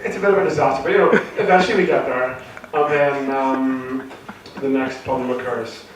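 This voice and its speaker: A man's voice: medium pitch, fairly even intonation, a little fast, slight background noise. A man doing his first stand-up comedy set, nervous and rambling, full of fillers and restarts. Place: theatre stage with a live audience. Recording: echoey hall recorded from far off.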